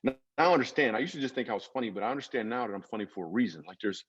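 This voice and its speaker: A man, a comedian guest in an interview, telling stories in a lively comic way with acted asides. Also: mid-range voice, rapid-fire, husky, dull audio. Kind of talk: storytelling interview talk.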